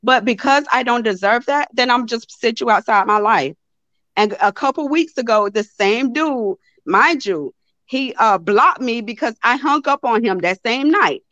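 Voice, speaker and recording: A woman's voice: on the high side, normal speed, no echo. Blunt, emphatic woman with a lo-fi sound. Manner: animated, emphatic, blunt, swears freely. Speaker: host of a live talk stream. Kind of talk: casual storytelling to a live audience.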